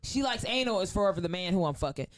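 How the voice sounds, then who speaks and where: A woman comedian telling a long story in casual chat, animated and profane, laughing often and acting out the lines of the people in it. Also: mid-range voice, fast talker. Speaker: comedian guest.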